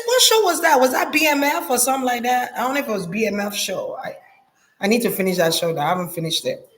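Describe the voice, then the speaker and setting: Blunt, animated woman vlogger. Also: fast talker. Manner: blunt and profane, animated, talks straight to viewers; lively pitch jumps, laughs often. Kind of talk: casual opinion monologue.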